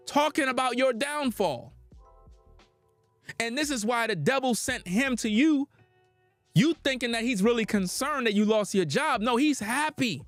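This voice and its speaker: A man delivering street-style preaching commentary in an emphatic, slangy way with drawn-out dramatic pauses. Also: high voice, fairly bright tone, no room sound.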